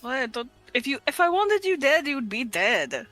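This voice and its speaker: A woman plays a tabletop game in a bright, crisp voice. She talks casually and bluntly and fills her speech with "like.". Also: sits high, very animated, normal speed, faint music behind. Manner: casual, blunt, with many likes. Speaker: player.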